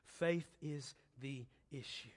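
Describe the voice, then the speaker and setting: A male preacher delivering a sermon, moving between quiet, low reflection and loud, emphatic exhortation, with slow, deliberate repeated phrases.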